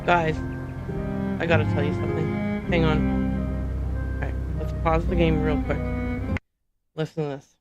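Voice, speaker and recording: A woman's voice: sits low, flat delivery, normal speed, pauses often, muffled recording. A woman streamer chatting casually while playing a game, thinking aloud and poking fun at herself. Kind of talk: casual gameplay livestream commentary. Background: game music.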